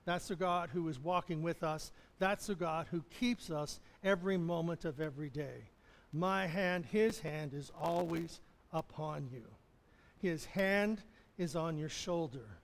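High-voiced preacher in a reverberant hall. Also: male voice, unhurried. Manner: chuckling often, acting out the quoted lines. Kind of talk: sermon. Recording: long reverb of a large hall.

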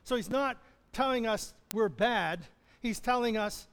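Brief: male preacher, high voice, chuckles through a sermon, long hall reverb. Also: unhurried, fairly bright tone. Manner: chuckling often, acting out the quoted lines.

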